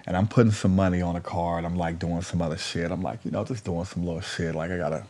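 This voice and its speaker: A man telling a story in a casual, animated way, full of slang and profanity, repeating lines for emphasis. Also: low-pitched, fast talker.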